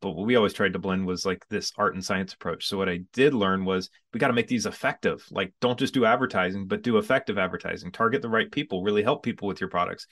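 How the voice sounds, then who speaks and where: A man in his forties, a guest on an interview podcast, telling his business story in a casual, animated way and acting out his own past reactions. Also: low-pitched, fast talker, hardly any pauses.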